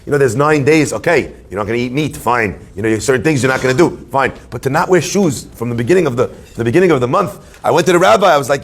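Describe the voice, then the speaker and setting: A man, a rabbi, giving a Torah class to a live audience, animated and joking, telling stories and asking questions. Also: medium pitch, fast talker, few pauses. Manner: animated, joking storyteller who asks questions.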